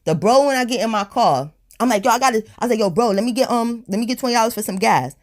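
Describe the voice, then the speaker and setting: A woman telling a storytime on her vlog in a blunt, profane, animated way, a little high and tipsy. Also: fast talker. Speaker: storytime vlogger. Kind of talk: casual storytime monologue.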